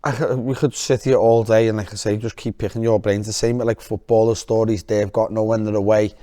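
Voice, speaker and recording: Co-host, lower voice, rambling filler-heavy questions. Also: male voice, flat delivery, fairly quick, warm tone. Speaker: podcast co-host. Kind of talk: casual interview chat.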